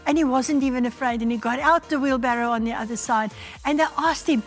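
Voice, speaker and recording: A woman's voice: high-pitched, a little fast, faint music behind. A South African woman pastor giving a devotional sermon, telling a story and acting out the voices in it. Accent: South African English. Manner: storytelling, acts out quoted voices.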